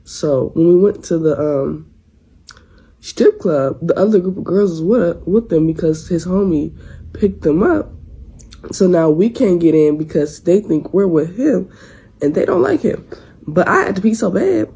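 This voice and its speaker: A woman's voice: on the low side, lively intonation, unhurried, creaky, mellow, slightly rough, poor audio. A young woman in her twenties telling a rambling story in casual slang, restarting her sentences often. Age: 20s. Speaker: storyteller in a clip.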